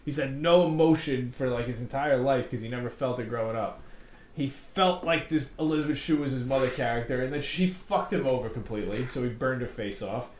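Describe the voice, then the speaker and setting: A man's voice: mid-range voice, fairly quick, darkish tone. A man chats loosely about the episodes he just watched. He swears freely and laughs a lot. The room is echoey, with a faint hum of ambience behind him. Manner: profane, laughing, acts out characters' lines. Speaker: podcast co-host. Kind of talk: casual recap chat.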